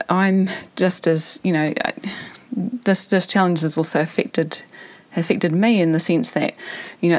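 A woman's voice: deep voice, a little mellow. A woman in her thirties hosting a podcast, talking frankly and reflectively as she thinks aloud. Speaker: podcast host. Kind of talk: candid personal monologue.

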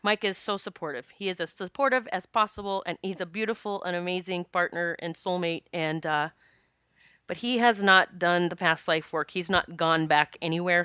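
A woman's voice: fairly low pitch, pushed and bright, clear, resonant tone, no room sound, studio quality. A woman telling a personal story in a candid, casual way, laughing often and swearing freely.

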